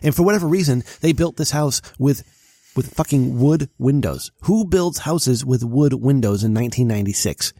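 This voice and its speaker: A man's voice: mid-range voice, normal speed, warm tone, no room sound. A man in his thirties from Connecticut, co-hosting a casual podcast from his home basement and ranting in an exasperated, profane way. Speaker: podcast co-host.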